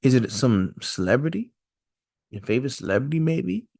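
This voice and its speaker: Gravelly laid-back podcast host. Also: male voice, medium pitch, big pitch swings, moderate pace, darkish tone. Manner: rhetorical questions, repetitive, conversational. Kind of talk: casual solo podcast monologue.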